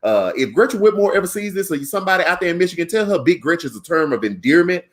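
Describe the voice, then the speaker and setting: A man co-hosting a podcast, giving casual political commentary in an animated, slangy, conversational way with a Southern African American accent. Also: sits high, fast. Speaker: podcast co-host.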